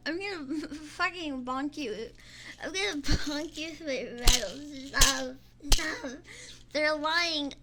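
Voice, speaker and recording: Young woman streamer, high and bright, excitable, giggly, swears a lot, binaural mic. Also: takes it slowly. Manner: excitable, laughing and swearing, pleading with chat. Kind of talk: casual live-stream chat. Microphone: binaural ASMR microphone.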